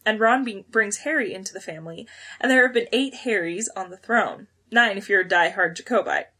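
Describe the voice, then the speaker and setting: A woman co-hosting a podcast, chatting casually and reading listener comments aloud, quick and excitable. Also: medium pitch, husky. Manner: quick, excitable, laughs often. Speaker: podcast co-host.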